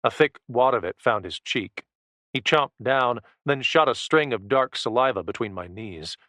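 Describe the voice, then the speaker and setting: A man narrating a first-person action thriller audiobook with a low, tense, steady delivery. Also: moderate pace, no echo.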